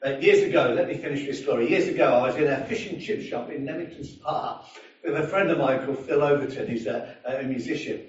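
This preacher's voice is medium in pitch and his delivery brisk as he tells a story from the pulpit and performs its characters. Animated throughout, he slips into a drunk's voice at one point. The audio sounds dull, picked up at a distance in an echoing church hall.

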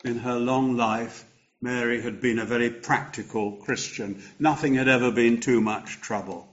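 An older man preaching a sermon, slow and measured, lifting his voice for emphasis. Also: mid-range voice, steady tone, fairly bright tone, highs cut off.

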